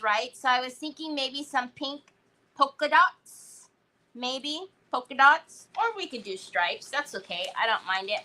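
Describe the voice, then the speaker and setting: A woman's voice: high voice, pushed and bright. A woman hosting a crafting livestream, chatting casually and playfully with cutesy baby talk while reading out viewers' comments. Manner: reads out viewers' chat comments. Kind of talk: casual live-stream chat while crafting.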